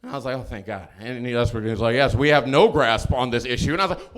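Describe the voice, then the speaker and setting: A man doing a stand-up set on a club stage, jumping into loud shouted quotes. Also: medium pitch, fast, hardly any pauses. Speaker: stand-up comedian. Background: live audience.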